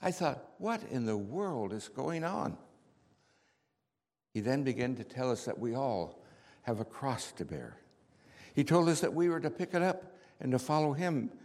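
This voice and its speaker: A man acting as the apostle Peter, telling his story in a heartfelt first-person monologue. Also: mid-range voice. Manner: heartfelt storytelling, rising to shouts. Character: the apostle Peter, impulsive and earnest. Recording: long hall reverb.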